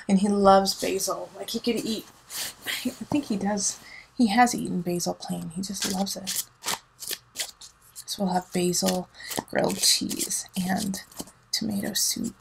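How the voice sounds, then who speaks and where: A woman's voice: medium pitch, vocal fry, slight background noise, rough recording. A woman giving a casual tarot reading, emphatic and teasing, laughing often, with a son at home. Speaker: tarot reader.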